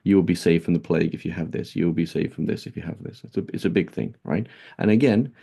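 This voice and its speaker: A man's voice: sits low, fast talker, gravelly, mellow, slightly rough. A man teaching a casual religious lesson, talking conversationally with many fillers and rhetorical "right?" questions. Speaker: Islamic teacher. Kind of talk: casual classroom lecture.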